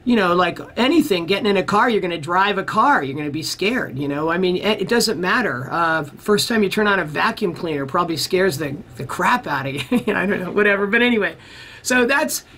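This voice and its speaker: Interviewed about his music career, a man tells a long story in a casual, rambling way, restarting often and animatedly acting out the people he quotes. His voice sits high, he speaks fairly quickly, and there's slight background noise.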